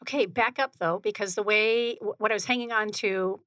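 A woman's voice: medium pitch, fairly even intonation, normal speed, fairly bright tone, dry recording. A woman hosting a business radio interview in a studio, chatty and enthusiastic. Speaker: radio show host.

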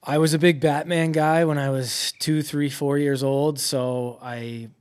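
Easygoing young hockey goalie, relaxed. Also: male voice, a little high, measured pace, clean tone. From Massachusetts, US. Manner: easygoing, relaxed, with many fillers and light jokes. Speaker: professional hockey goaltender, guest. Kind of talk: casual interview chat.

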